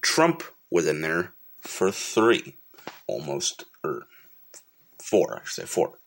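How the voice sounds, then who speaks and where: A man's voice: low-pitched, huge pitch swings, slow pace, vocal fry, a bit bright. A male host chatting casually, rambling a bit and correcting himself as he goes. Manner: loose, rambling remarks with self-corrections. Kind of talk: casual chat.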